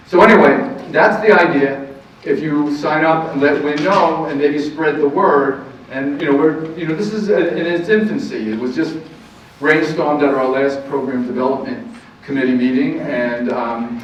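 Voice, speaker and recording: A middle-aged man, a counselor giving a lively, anecdotal parenting talk to a live audience and laughing easily. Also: fairly high pitch, a little hiss or hum. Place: meeting room with audience. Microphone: distant room mic. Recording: echoey room, far-off muffled mic.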